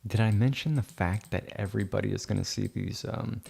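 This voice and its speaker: A man's voice: on the low side, brisk, gravelly, dark tone, breathy edge. A man giving livestream commentary while editing photos, muttering to himself and breaking into sarcastic teasing rants. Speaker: photo editor streaming live.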